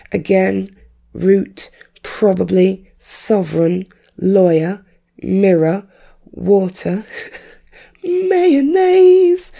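A woman from North London with an English accent that has drifted from how she grew up, chatting in a rambling, self-deprecating way on a home recording setup; her voice sounds rough today. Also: lowish voice, mellow. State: rough, off-colour voice. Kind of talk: casual chatty monologue.

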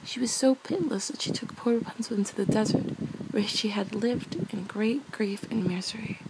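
Young woman softly reading a bedtime story. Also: mid-range voice, moderate pace, noisy background. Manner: soft, casual, laughs at her own slips.

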